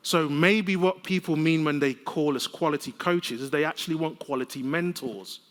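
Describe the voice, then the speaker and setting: A man giving a conference keynote, telling lively, conversational stories with humor. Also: fairly high pitch, moderate pace. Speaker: keynote speaker. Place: large conference hall. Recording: long reverb of a conference hall.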